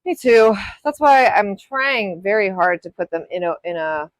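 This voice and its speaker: A woman's voice: mid-range voice, animated, normal speed, dry recording. A young woman hosting a live nail art tutorial from her home studio, chatting casually, rambling and often breaking off to apologize. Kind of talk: casual live-stream chat while demonstrating.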